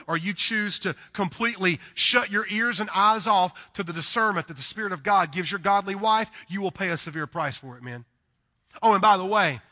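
A man with a Southern American accent from the Deep South, preaching a sermon with dramatic swings from hushed to loud. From Deep South, USA. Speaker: pastor. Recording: reverberant hall.

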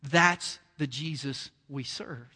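Bright-voiced, animated preaching man. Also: on the high side, slow, husky, big-room sound. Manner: animated, conversational preaching that acts out the scripture characters. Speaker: pastor. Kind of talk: sermon. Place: church.

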